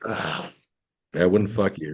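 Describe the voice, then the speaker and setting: A talk show host with a very deep voice. He asks blunt questions and teases the caller in a loose, casual way. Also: slow pace. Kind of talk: casual call-in chat.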